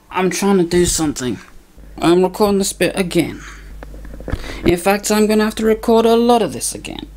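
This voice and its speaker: In a casual vlog, a woman with an expressive, slightly mellow mid-range voice messes with her camera and gear, speaking at a moderate pace. She rambles on, grumbling and poking fun at herself under her breath. There's slight background noise.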